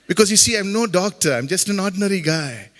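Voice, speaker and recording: A man's voice: high-pitched, animated, fast, a bit bright. A middle-aged man from Chennai with an Indian English accent, giving a humorous, faith-based talk as a guest speaker and tossing jokey asides to the audience. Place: campus auditorium. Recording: long hall reverb in an auditorium.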